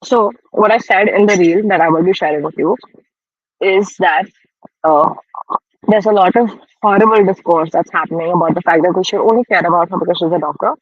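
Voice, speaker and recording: A man's voice: high voice, fairly quick, no room sound, dull audio. Chatty man livestreaming. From India. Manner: chatty, frank, self-deprecating, snacking while talking. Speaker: livestream host. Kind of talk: casual live-stream commentary.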